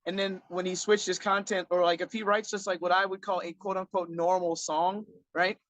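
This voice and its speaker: A man talks in a relaxed podcast chat, blunt and a bit profane, restarting his sentences as he thinks. His voice sits high, and the recording is dry with no room sound. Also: a little fast, dry recording. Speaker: podcast co-host. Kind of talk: casual chat.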